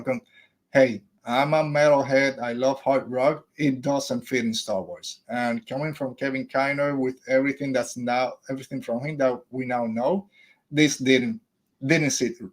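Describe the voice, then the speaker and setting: A man, a father in his thirties, hosting a podcast and giving blunt, opinionated takes in a casual review. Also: mid-range voice. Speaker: podcast host.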